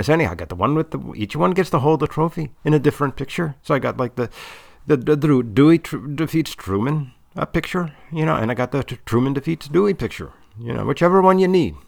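A man's voice: on the high side, lively intonation, quick pace, gravelly. A man who works as a debate coach rambles comically, repeating himself and restarting sentences. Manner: rambling, repetitive, full of restarts.

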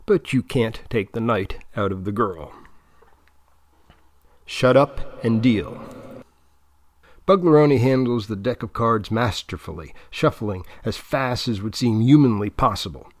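A man giving steady, even scripted narration of a novel. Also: lowish voice, normal speed, hardly any pauses, no echo, studio quality. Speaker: audiobook narrator.

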